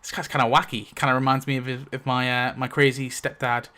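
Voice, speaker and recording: A man's voice: medium pitch, level tone, a little fast, bright, forceful tone, close to an everyday voice. A skeptical young woman sizing up an odd stranger, put on by a man barely shifting his voice. She hesitates and trails off, sounding wary and offbeat.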